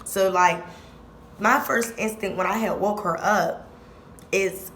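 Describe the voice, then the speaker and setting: A woman's voice: mid-range voice, fairly even intonation, slow pace, long pauses, background noise. A young woman vlogger telling a story in casual, slangy speech, repeating lines for emphasis.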